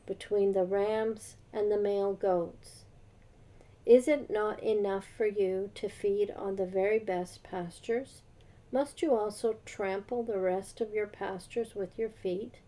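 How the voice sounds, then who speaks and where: A woman co-host reading scripture aloud slowly and deliberately, then discussing it. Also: medium pitch, mellow. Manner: slow, measured reading aloud.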